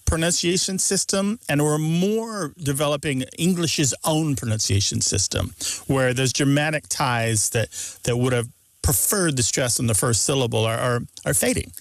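A man co-hosting a call-in radio show, explaining word pronunciations in a lively way and stressing words as examples. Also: a little high, moderate pace, no echo. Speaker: radio show co-host and language expert. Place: radio studio. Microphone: studio microphone.

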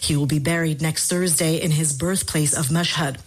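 A woman news correspondent delivering a filed report in a steady tone. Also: low-pitched, normal speed, slightly rough.

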